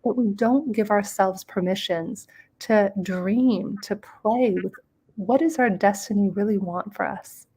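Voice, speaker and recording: A middle-aged woman speaks as a guest in a motivational interview. Her voice sits at an ordinary pitch, and her delivery is enthusiastic and expressive, with frequent laughter. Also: a little slow, slightly rough.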